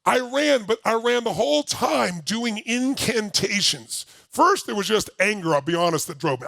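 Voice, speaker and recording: Gravelly high-voiced older man. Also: moderate pace, few pauses, no echo. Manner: energetic storytelling, shouts repeated phrases. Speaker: motivational speaker. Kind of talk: workshop talk to a live audience.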